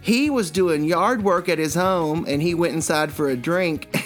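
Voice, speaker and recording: Slightly high guy rambling thru stories on a comedy podcast, crude jokes. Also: a little slow, faint music behind. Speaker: podcast co-host. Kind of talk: comedic casual chat.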